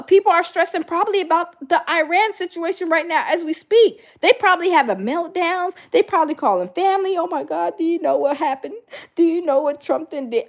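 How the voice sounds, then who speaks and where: Animated high-voiced middle-aged woman host. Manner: animated, acts out voices of others, many fillers. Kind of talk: casual chat to live viewers.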